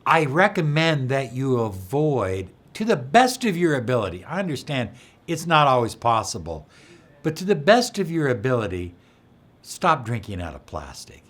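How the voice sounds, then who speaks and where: A middle-aged man giving a slow, earnest motivational self-help talk, at times dropping to a soft whisper. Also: medium pitch, big pitch swings. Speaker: law of attraction teacher.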